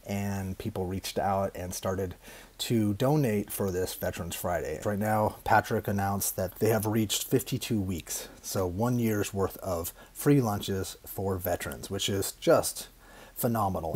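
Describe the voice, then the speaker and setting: A man's voice: low-pitched, normal speed, darkish tone, slightly rough. A man hosting a podcast in casual chat, upbeat and loose, with many restarts. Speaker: podcast host.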